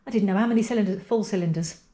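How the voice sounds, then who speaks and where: A middle-aged woman who makes pottery vlogs chats casually to the camera in her home studio while feeling unwell and tired, rambling in a softly emotional way. Her medium-pitched voice comes very fast and sounds roomy.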